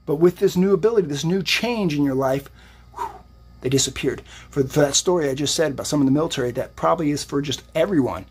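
Very husky upbeat man. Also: a little high, fast. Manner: upbeat, motivational, rambling. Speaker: psychic and fitness streamer. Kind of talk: casual live-stream talk.

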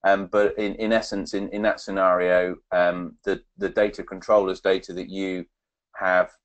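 A man's voice: deep voice, level tone, normal speed. A man presenting a webinar on data protection, talking with many ums and restarts as he answers audience questions.

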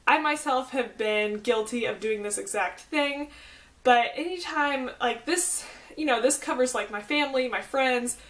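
This is a young woman with a Southern American accent chatting to her camera. She rambles happily from one side note to the next, full of fillers. Her voice sits somewhat high. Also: fairly bright tone. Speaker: pregnancy vlogger. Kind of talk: casual chat.

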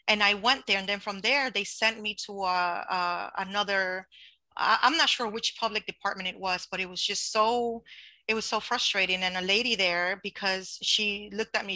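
Bright-voiced woman. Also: medium pitch, no echo, poor audio. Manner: animated, acts out dialogue with many restarts. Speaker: guest. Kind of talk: storytelling in an interview.

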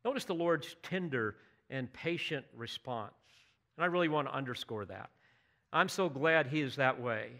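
A man's voice: medium pitch, normal speed, bright, forceful tone. A man preaching a sermon, earnest and emphatic, building to bursts of intensity and putting direct questions to his listeners. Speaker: pastor.

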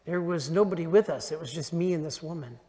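A man preaching as a priest at a retreat in a large church, emphatic and slowing down for his key lines. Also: fairly high pitch, mellow. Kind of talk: sermon at a parish retreat. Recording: long reverb of a church hall.

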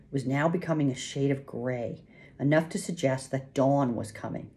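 A woman reading a novel aloud in first person, with measured, hushed suspense. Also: a bass voice. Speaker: audiobook narrator. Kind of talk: scripted first-person narration.

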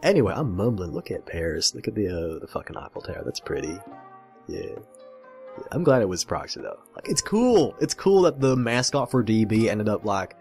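Male creator, animated fan commentary, very expressive pitch, faint background music. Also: brisk. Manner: animated and gushing, swears freely, mimics characters. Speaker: video creator reviewing a game comic. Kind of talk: excited casual commentary.

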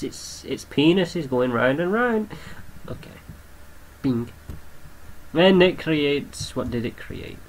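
A young man talks his way through a simulation game, chatting to the creatures on screen as he goes. His voice sits at an ordinary middle pitch. A faint hiss of noise runs underneath. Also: unhurried, fairly bright tone, low-quality recording. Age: young adult. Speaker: gameplay commentator. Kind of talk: casual gameplay commentary.

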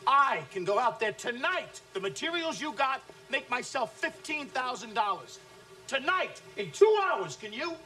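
An actor playing a brash, abusive male sales trainer who taunts his listeners, shouting one moment and dropping to low menace the next. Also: lively intonation, measured pace, close to an everyday voice. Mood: contemptuous. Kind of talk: film acting.

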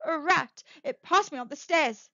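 A woman voicing a frightened old man who speaks in shaking, hoarse tones. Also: high voice, a little slow, sharp tone, no room sound, highs cut off, pitched above the performer's own voice, heavily acted. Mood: shaken. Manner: shaky, hoarse, fearful. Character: terrified trembling old man.

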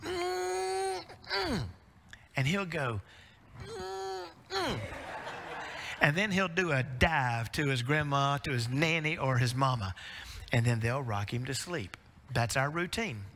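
A middle-aged man preaching a sermon, telling folksy family stories in an animated way. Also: mid-range voice, normal speed, slight background noise. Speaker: pastor. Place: church sanctuary. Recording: reverberant church sanctuary.

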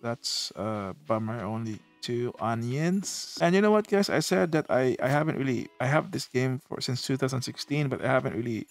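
A man's voice: medium pitch, expressive, moderate pace, gravelly, few pauses, soft background music. A man giving casual, self-deprecating let's-play commentary, chatty and rambling. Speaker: gaming video host.

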